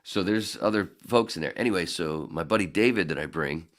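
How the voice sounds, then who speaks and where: A man as a podcast guest, telling animated, profane anecdotes in a casual, laughing way. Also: low-pitched, brisk. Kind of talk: casual storytelling.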